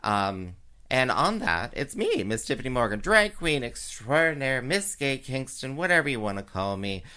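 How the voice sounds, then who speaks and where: A man doing drag, hosting a chat show, talking casually with many fillers and giggles, and jumping into high sing-song voices. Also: big pitch swings, normal speed, sharp tone, smooth. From Canada. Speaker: drag queen radio show host. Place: home, recorded live.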